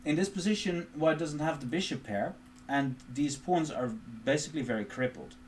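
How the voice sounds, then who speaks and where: A man livestreams chess from his home setup, thinking aloud as he explains positions and moves and tossing in dry, self-mocking asides. His voice is on the high side with a darkish tone, at normal speed. Slight background noise is present.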